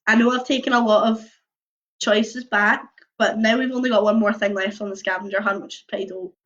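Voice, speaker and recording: A young woman reading a choose-your-own-adventure book aloud on a livestream, mixing lively narration with casual chatty asides. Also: mid-range voice, brisk. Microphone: computer or phone mic on a video stream. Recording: dull lo-fi livestream audio.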